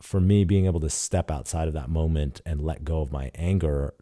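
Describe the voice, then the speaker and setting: A man with an extremely deep, dark and mellow voice recounts a story in an interview. He talks casually and animatedly, slipping into quoted dialogue and swearing now and then. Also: fairly even intonation, brisk. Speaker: startup CEO guest.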